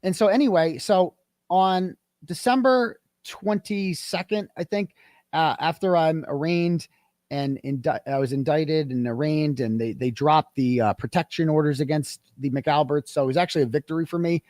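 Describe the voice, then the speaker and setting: Guest: animated male storyteller with a slightly high, lively voice who acts out quoted dialogue, recorded dry and close. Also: moderate pace, dry recording. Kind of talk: casual interview storytelling.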